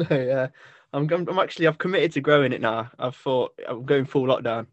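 A man's voice: medium pitch, fairly even intonation, a little fast, dry recording, muffled recording. A man hosting a radio chat, chirpy and chatty. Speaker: radio host. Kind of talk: casual chat.

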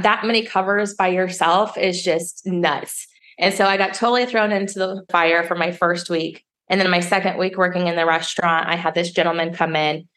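Woman in her 30s chatting on a podcast, kinda low voice, animated storyteller doing the quotes. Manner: lively storyteller, acts out quoted dialogue with pitch jumps. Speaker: sommelier and wine educator guest. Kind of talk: casual storytelling interview.

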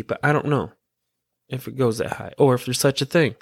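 A man's voice: mid-range voice, fairly quick, vocal fry, breathy edge, no echo, studio quality. Laid-back giggly stoned man. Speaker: podcast host. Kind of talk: casual rambling monologue.

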